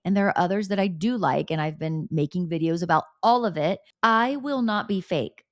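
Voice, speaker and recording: A fairly low-pitched woman hosts a podcast, recorded dry at studio quality. She chats casually, telling candid gossip stories with animation and blunt swearing.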